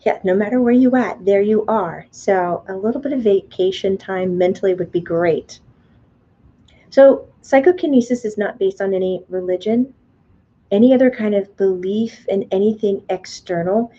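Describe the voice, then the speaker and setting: A woman leads a live online spirituality class, chatty and animated. She slips into little voices to act things out. Her tone is mellow and the sound comes through dull and lo-fi. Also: medium pitch, moderate pace. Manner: animated, chatty, playfully acts out the mind's voice. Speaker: spiritual teacher and medium. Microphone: webcam or computer mic on a video stream.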